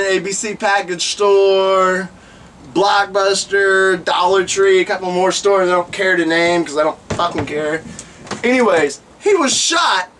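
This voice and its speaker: His voice sits high as he vlogs, spinning comic stories full of curses and animated impressions of the people in them. The microphone is distant.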